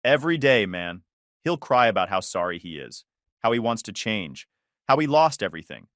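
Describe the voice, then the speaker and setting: A man's voice: on the low side, big pitch swings, moderate pace, a bit bright, no room sound, clean studio sound. A man doing a blunt, weary friend. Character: blunt male friend passing on news.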